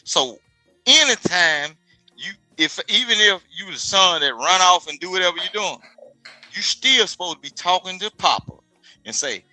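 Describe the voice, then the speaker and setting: A man's voice: a little high, animated, moderate pace, sharp tone, no room sound, faint music behind, rough recording. A man talking in casual chat, telling things in a profane, streetwise way. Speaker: podcast guest.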